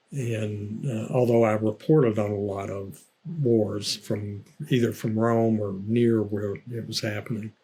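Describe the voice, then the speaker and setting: Older southern guy, bit husky, chatty storyteller, laughs a lot. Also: mid-range voice, mellow. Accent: Southern American. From United States. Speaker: author guest. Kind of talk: casual interview chat.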